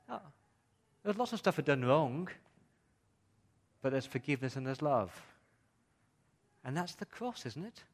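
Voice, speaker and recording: A male pastor delivers a sermon at a middle pitch. He keeps asking the congregation questions, sinks to a near-whisper at times and then builds back up with emphasis. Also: sing-song, unhurried, long pauses. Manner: asks the congregation rhetorical questions.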